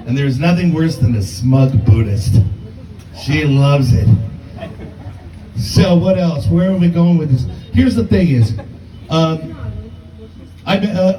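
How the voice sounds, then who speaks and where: A man's voice: fairly high pitch, slow pace, pauses often, warm tone, roomy sound, distant mic, poor audio. A man in his fifties doing a brash, profane, self-mocking stand-up comedy set in a comedy club. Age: 50s.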